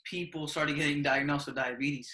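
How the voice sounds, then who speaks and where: Bright-voiced man telling laid-back stories. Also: a little high, fairly even intonation, normal speed, reverberant. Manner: laid-back slang-heavy storytelling, laughs often. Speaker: podcast host. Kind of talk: casual chat.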